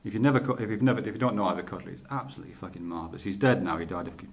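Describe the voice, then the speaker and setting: A man's voice: low voice, rapid-fire, creaky. A man talking in a loose, casual monologue, often stopping to correct himself and swearing casually. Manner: rambling, stops to correct himself. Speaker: podcaster.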